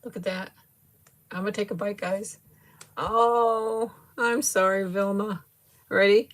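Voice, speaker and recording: Slow and steady in tone, a medium-pitched middle-aged woman hosts a casual livestream. She tastes a sweet and giggles often while gushing her thanks to viewers by name.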